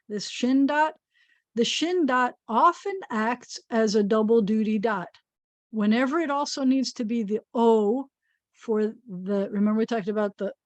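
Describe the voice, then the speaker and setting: A woman's voice: a little high, darkish tone, dry recording. A woman rabbi teaching a Hebrew reading lesson, patiently explaining and sounding out words.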